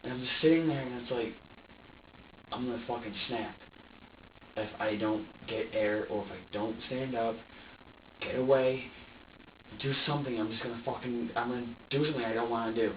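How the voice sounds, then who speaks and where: A distressed man being questioned in an interrogation room, talking in halting, repetitive bursts and swearing often. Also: mid-range voice, steady tone, slight background noise. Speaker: interrogation suspect. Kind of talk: emotional confession under questioning. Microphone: security camera from a distance. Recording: dull roomy distant security-camera audio.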